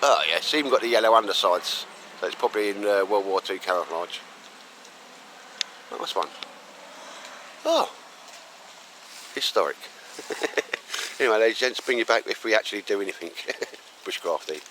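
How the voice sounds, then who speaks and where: A man's voice: on the low side, animated, pushed and bright, slight background noise, rough recording. A man vlogging a day in the woods, chatting and joking with a friend to camera. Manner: joking, teasing, quick laughs. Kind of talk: casual banter to camera. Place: outdoors in woodland.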